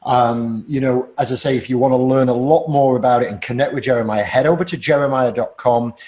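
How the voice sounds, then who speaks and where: A man hosting a sales podcast in a loose, chatty way. His voice sits at an ordinary middle pitch, and he tells stories freely and rounds off with friendly sign-offs. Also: fairly quick, darkish tone, a little hiss or hum. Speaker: podcast host. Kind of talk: casual interview chat.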